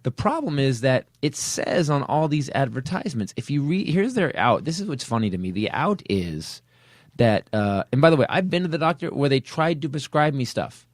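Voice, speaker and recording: A man's voice: medium pitch, sing-song, normal speed, no echo, studio quality. A middle-aged man hosting a podcast, ranting with comic energy and acting out other people's voices in his stories. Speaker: podcast host. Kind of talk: comedic rant.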